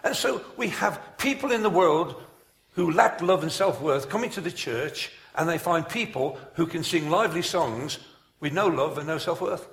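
A man's voice: fairly high pitch, normal speed, gravelly, few pauses. A man preaching a humorous sermon in a large hall, telling stories with jokes and asides. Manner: animated storytelling, jokes and asides. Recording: echoey hall recording.

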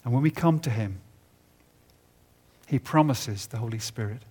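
A man preaching a sermon at a conference, building to loud emphatic peaks and dropping low and quiet at the ends of phrases. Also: moderate pace, slightly rough. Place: conference hall.

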